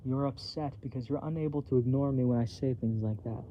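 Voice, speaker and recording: A man reading aloud, voicing a gentle, sincere male artificial intelligence who speaks in an earnest, formal and literal way, in a dull home recording. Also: medium pitch, a little fast, slight background noise, natural voice.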